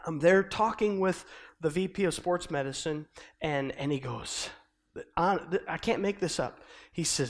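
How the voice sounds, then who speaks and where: A middle-aged man preaching a sermon, telling a personal story in an earnest, halting way with many restarts, swinging between loud and hushed. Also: fairly high pitch. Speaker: pastor.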